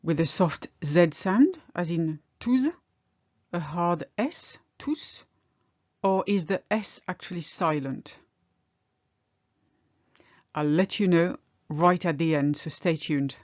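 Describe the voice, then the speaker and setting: A native French woman gives a pronunciation lesson in a fairly low voice. She talks in a clear, deliberate way and slows down for each example word. The audio is dry and a bit dull. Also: a little mellow, dry recording. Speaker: French teacher.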